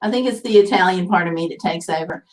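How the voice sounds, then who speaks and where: A woman's voice: fairly low pitch, quick pace. A woman hosting a casual livestream, reading viewer comments aloud in an easygoing, chatty way. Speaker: livestream host. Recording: voice picked up from a distance.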